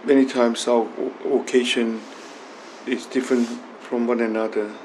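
Soft-spoken priest with a dark, flat voice. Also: male voice, mid-range voice, slight background noise, poor audio. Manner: reads the gospel aloud, then preaches softly with pauses and restarts. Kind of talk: gospel reading and homily.

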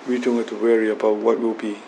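Soft-spoken priest with a dark, flat voice. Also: male voice, lowish voice, gravelly, a little hiss or hum, low-quality recording. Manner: reads the gospel aloud, then preaches softly with pauses and restarts. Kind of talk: gospel reading and homily.

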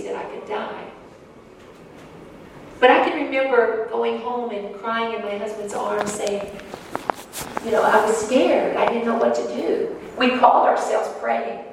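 A woman's voice: medium pitch, gravelly. A woman telling her own story to an audience in an earnest, emotional way. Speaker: speaker sharing personal testimony. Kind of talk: personal testimony talk to an audience. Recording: echoey hall from far off, faint noise.

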